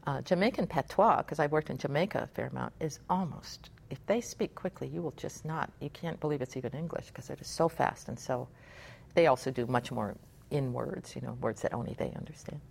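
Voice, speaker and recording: A middle-aged woman from Hawaii, a puppeteer being interviewed, chatting in an animated way and laughing often. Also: low-pitched, a little fast, vocal fry, a little hiss or hum. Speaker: puppeteer guest. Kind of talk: conversational interview.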